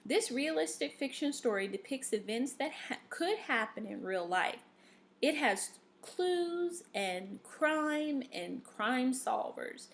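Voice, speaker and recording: A woman teaching a reading lesson to young students, giving patient instructions full of fillers and "okay?" checks. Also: on the high side.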